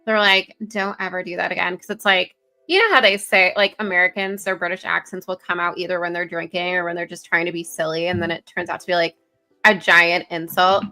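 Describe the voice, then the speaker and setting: A woman co-hosting a casual political commentary show over a video call, chatty and giggly, reading news aloud with quick asides. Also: fairly low pitch, fairly even intonation, sharp tone, faint music behind. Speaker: co-host. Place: home, virtual background.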